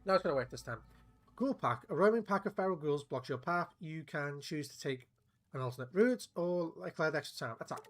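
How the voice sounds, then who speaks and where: A man streaming a video game, talking to himself and his viewers in a loose, meandering way. He swears freely and restarts his sentences. His voice sits a little higher than most men's. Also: animated, brisk, fairly bright tone. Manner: rambling and profane, with restarts and laughs. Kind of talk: casual gameplay commentary.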